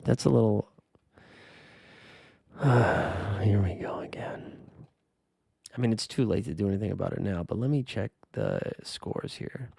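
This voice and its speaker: A man's voice: lowish voice, animated, brisk, creaky, few pauses, dark tone, slightly rough. A man hosting a fantasy sports livestream in a casual, rambling way, thinking aloud as he answers chat comments. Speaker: livestream host.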